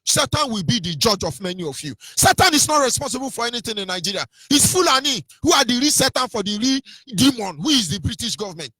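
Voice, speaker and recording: High, animated preachy radio host man. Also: quick pace, hardly any pauses, husky, no room sound. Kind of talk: impassioned radio commentary.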